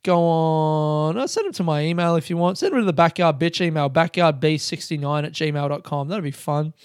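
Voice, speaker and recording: A man's voice: a little high, moderate pace, clear, resonant tone, dry recording, clean studio sound. A young man hosting a podcast, rambling, self-mocking and swearing often as he talks alone. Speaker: podcast host. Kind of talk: casual solo monologue.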